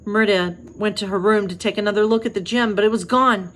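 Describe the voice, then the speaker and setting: A woman pastor reads bedtime stories aloud at an easy pace. Her pitch sits in the middle, and she slips into chatty, self-deprecating asides between passages. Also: steady tone, fast talker, a bit bright. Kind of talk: bedtime story reading.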